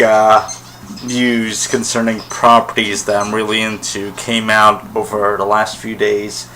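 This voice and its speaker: Speaking slowly and without hurry, a man with a lowish, bright, forceful voice rambles to camera in a casual solo vlog, gushing as a fan and filling his talk with ums and restarts. The audio is poor, with a faint hum behind him.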